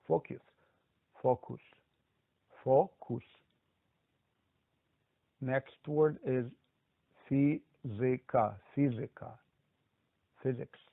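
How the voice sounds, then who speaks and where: A man teaching a language lesson, saying each word slowly and then prompting the learner to repeat it. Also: medium pitch, no echo. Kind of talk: slow-paced language lesson drills. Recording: dry, tinny phone-like sound.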